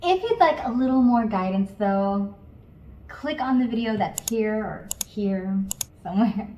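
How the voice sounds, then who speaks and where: A woman singing teacher coaching beginners step by step in a calm, encouraging way. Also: mid-range voice, measured pace, reverberant, highs cut off, very noisy. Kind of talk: guided vocal lesson.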